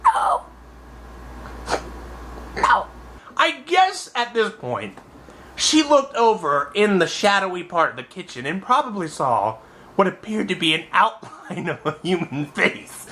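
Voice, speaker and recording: A young man telling a comic personal anecdote in an animated, exaggerated way. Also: high voice, measured pace, slight background noise. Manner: animated, exaggerated, acts out voices. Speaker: storyteller.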